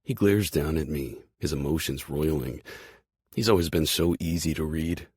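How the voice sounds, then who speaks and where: A man narrating a romance audiobook in the first person, with a slow, brooding delivery. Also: extremely low pitch, a little mellow, slightly rough, no echo.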